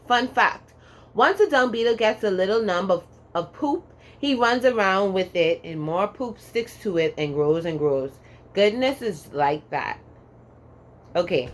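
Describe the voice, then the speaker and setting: Woman, tarot reader, sassy, profane, emphatic, drawn-out words, mid pitch. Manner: sassy, profane, emphatic, keeps adding "okay?"; drawls some words slowly for emphasis. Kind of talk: casual pick-a-card tarot reading.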